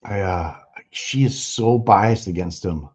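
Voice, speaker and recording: A man's voice: low-pitched, slow pace, darkish tone. A man hosting a livestream, talking in a blunt, rambling way with a lot of swearing. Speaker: livestream host. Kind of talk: casual profane livestream commentary. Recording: dull lo-fi audio.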